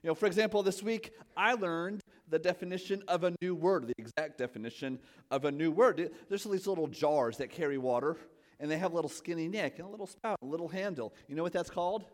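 A man in his thirties preaching a Sunday sermon in a conversational, self-deprecating way. His voice sits a little high for a man. He peppers the congregation with questions and swings from soft, low asides to loud, emphatic bursts. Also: quick pace. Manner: chatty, self-deprecating, asks the audience questions. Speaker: pastor.

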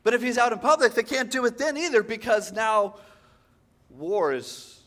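A man preaching a sermon, animated and conversational, often tossing in "right?" to the congregation. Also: extremely high pitch, normal speed.

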